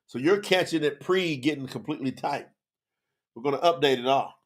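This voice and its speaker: A man's voice: medium pitch, a little fast. A man teaching scripture on a live stream, emotional and teary, sweating, calling out to his viewers in the chat. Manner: emotional, preachy, talks to chat.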